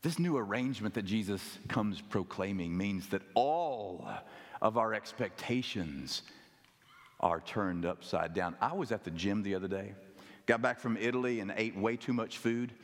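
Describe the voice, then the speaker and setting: A male pastor preaching a sermon with dramatic pauses and wry humor. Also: on the low side, animated. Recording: echoey hall.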